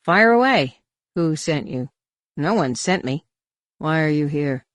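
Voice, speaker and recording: A man's voice: a little high, measured pace, dry recording, studio quality, close to an everyday voice. A man voicing a cocky middle-aged human smuggler, brash and gloating, in an audiobook reading. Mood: guarded.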